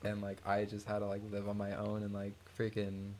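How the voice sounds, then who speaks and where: Young guy on a podcast mic, lowish voice, loose joking trash talk. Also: completely flat delivery, fairly quick, darkish tone, a little hiss or hum. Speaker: podcast co-host. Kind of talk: casual chat.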